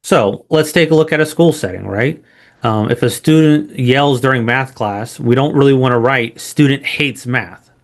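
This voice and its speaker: A man's voice: medium pitch, moderate pace. A man instructing a training lesson in a conversational way, often checking in with "right?". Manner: conversational, frequent rhetorical "right?" tags.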